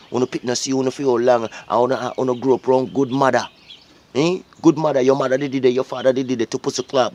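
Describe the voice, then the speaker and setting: A man's voice: mid-range voice, a little mellow. A Jamaican man delivers a preachy monologue straight to his audience. He swears heavily and keeps throwing questions back at the listener. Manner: preachy, profane, repeats questions like "Eh?". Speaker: vlogger. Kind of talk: ranting monologue to viewers.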